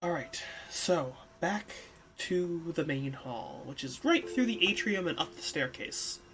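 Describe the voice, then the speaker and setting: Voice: medium pitch, expressive, unhurried, fairly bright tone. Self-mocking game streamer. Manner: casual, self-mocking, swears. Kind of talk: game playthrough narration and commentary.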